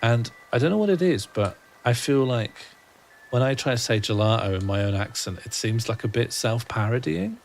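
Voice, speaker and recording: A man's voice: mid-range voice, expressive, moderate pace, gravelly, a little mellow, a little hiss or hum. A man, streaming a game and rambling wryly to himself and his chat. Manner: musing, rambling self-talk, wry. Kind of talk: casual gaming livestream chat.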